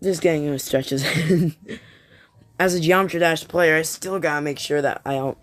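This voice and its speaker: Over game music, an American streamer plays a game and banters with viewers in a relaxed, joking way, drifting between subjects. The voice is medium-pitched, fairly even and a bit bright, at a moderate pace with no room sound.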